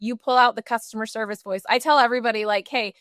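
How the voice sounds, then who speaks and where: A woman speaking as a customer service trainer in a podcast interview, animated and full of "like" and "right?". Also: fairly high pitch, very fast, no echo, clean studio sound.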